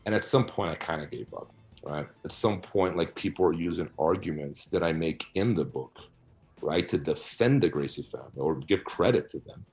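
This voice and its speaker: A man's voice: low-pitched, moderate pace, darkish tone, faint music behind. A man interviewed about his book, answering bluntly and argumentatively, often tagging his points with "right?" and "you know". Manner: blunt, argumentative, rhetorical asides.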